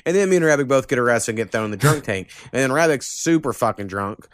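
A man's voice: medium pitch, animated, quick pace, dry recording, clean studio sound. A young man hosting a podcast, telling rambling stories in casual chat, swearing a lot and laughing as he goes. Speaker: podcast host.

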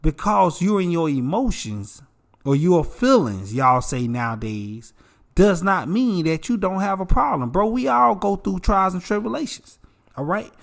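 Animated preachy man, slightly high voice. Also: a little slow, gravelly. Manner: animated, preachy, addresses listeners as bro and y'all. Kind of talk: casual advice talk.

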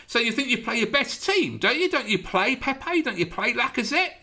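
A man with a high, bright voice that leaps all over the place as he rants about his team. He keeps firing off sarcastic rhetorical questions in casual podcast chat. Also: very animated, moderate pace. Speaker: podcast host.

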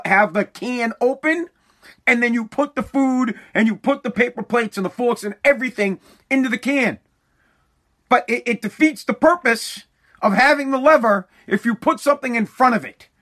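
A man's voice: sits high, pushed and bright. A middle-aged father ranting in a casual comic way, exasperated and profane, often repeating himself. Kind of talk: casual comedic rant.

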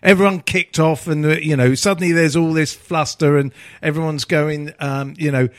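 A man's voice: fairly high pitch, moderate pace, hardly any pauses, dry recording, studio quality. A man hosting a casual football podcast, rambling and teasing his co-hosts. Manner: rambling, self-correcting, teasing. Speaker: podcast host.

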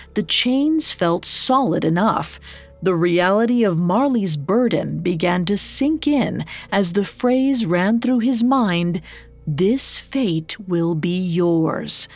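A woman narrating a scripted ghost story in a measured, atmospheric way. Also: mid-range voice. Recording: soft background music.

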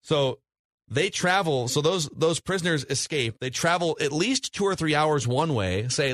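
A man hosts a relaxed film-review podcast, walking through scenes with loose, rambling energy. His voice sits a bit high for a man. The sound is dry and close, with no room around it. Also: normal speed, no echo. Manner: animated storyteller, recounting scenes with hedging fillers. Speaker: podcast co-host. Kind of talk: casual movie review chat.

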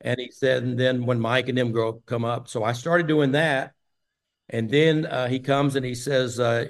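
A man's voice: medium pitch, fairly even intonation, moderate pace. An older man from Texas, a guest in an interview, telling long stories with many fillers. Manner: rambling storyteller with many fillers. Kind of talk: casual storytelling interview.

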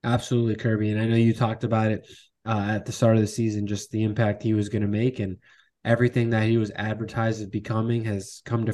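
Man, podcast host, low voice, flat, monotone delivery. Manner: wraps up and hands over to co-hosts. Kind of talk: casual sports chat.

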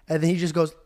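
A man hosting a podcast, telling a story in a casual, animated way, laughing often and acting out scenes. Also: on the high side. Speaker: podcast host.

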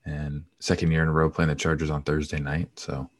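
A man with a very low voice talks casually as a podcast co-host. His delivery is laid-back and conversational. The sound is dry and close to the mic. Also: level tone, a little fast, no echo. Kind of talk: casual sports podcast chat.

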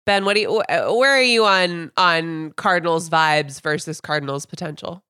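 A woman's voice: fairly low pitch, moderate pace, pushed and bright, smooth, no room sound, clean studio sound. A woman hosting a football podcast, telling rambling, chatty anecdotes and steering the talk. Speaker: podcast host. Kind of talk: casual sports chat.

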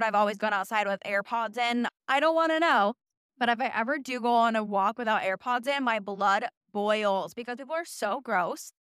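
A woman's voice: a little high, a bit bright, smooth, no echo, clean studio sound. A young woman from Utah chatting casually to camera, sarcastic and full of "like" asides and swearing. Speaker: vlogger. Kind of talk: casual chat.

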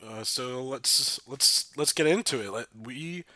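A man's voice: mid-range voice, a little slow, bright, forceful tone, dry recording. Congested male podcast host. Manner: chatty, rambling with fillers and restarts. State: congested, voice lowered from a cold. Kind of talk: casual podcast chat.

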